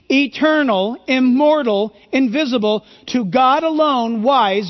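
A male pastor preaching a sermon, emphatic and full of rhetorical questions. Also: very high voice. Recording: reverberant hall, dull lo-fi sound.

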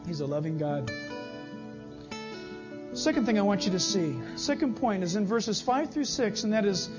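Animated high-voiced preaching man. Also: moderate pace, music in the background. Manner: animated preaching, acts out little dialogues. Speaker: pastor. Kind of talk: sermon. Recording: dull lo-fi sound.

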